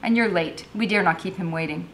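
A woman's voice: fairly low pitch, a little fast, a bit bright, a little hiss or hum, low-quality recording. A woman reading a novel aloud, voicing an impatient male officer hurrying a colleague. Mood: urgent.

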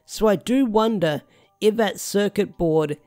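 Young male reviewer, slightly high voice, casual and rambling, thinks aloud. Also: measured pace, warm tone. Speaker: show reviewer. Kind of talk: casual solo review talk.

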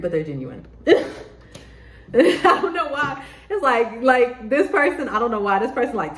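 A woman giving a casual tarot reading to the camera, excitable, laughing often and swearing freely. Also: fairly high pitch, moderate pace. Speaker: tarot reader. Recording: roomy echo.

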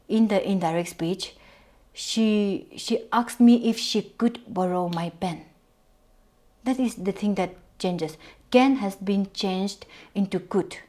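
A woman with a Naga English accent and a medium-pitched, dark-toned voice teaches a recorded grammar lesson. She stresses points by repeating words and slows down when going over examples.

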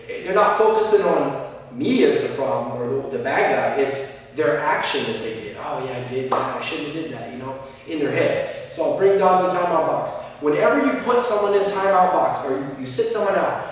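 Man, martial arts instructor, practical instructional talk, booming reverb, distant mic. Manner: practical, explains with spoken examples. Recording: echoey room, distant mic.

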